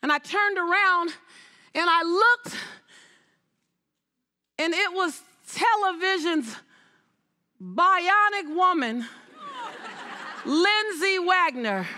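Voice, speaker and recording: Brief: woman motivational speaker on stage, high, bright, emphatic, repeats herself. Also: animated, very slow, long pauses. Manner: emphatic, repeats phrases, laughs often. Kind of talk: motivational speech to a live audience. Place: stage before a large audience.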